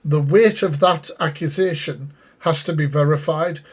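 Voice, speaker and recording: A man's voice: on the high side, steady tone, moderate pace, husky. A man giving sweary, exasperated live reaction commentary and talking to his chat. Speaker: streamer reacting to a live stream.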